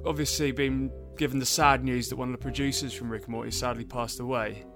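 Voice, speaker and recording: A man's voice: medium pitch, level tone, fast talker, music in the background. A man hosting a podcast, chatting casually and reading news with a wry manner. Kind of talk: casual chat.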